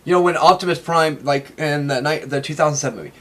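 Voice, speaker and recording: A fast, excitable young man rambles through a casual interview, tripping over restarts as he goes. His voice sits a little high for a man and the words tumble out quickly. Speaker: interviewee, toy collector.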